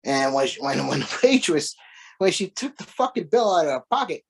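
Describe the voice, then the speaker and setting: Animated, swearing man telling stories. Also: on the high side, brisk, gravelly, breathy edge. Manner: animated, profane, laughing storyteller. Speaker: guest, former wrestler. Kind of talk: casual storytelling interview.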